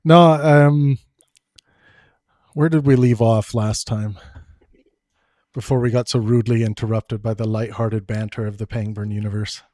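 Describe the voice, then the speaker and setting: A man's voice: on the low side, fairly even intonation, measured pace, pauses often, dark tone, no echo, clean studio sound. A man from Canada hosting a live online debate stream, joking and bantering with his guests. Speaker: host.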